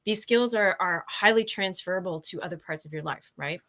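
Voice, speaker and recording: A woman's voice: on the low side, fairly quick, bright, forceful tone. A woman guest coach explaining ideas in a casual interview, tripping over her words and laughing at herself.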